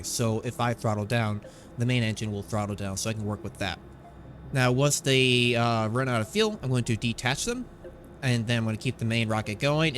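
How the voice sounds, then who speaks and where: A man's voice: mid-range voice, fairly bright tone, a little hiss or hum. A man hosting his gaming channel, talking through a space game in a chatty, rambling way at his desktop microphone. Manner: chatty, rambling, self-correcting. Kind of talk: casual gameplay commentary.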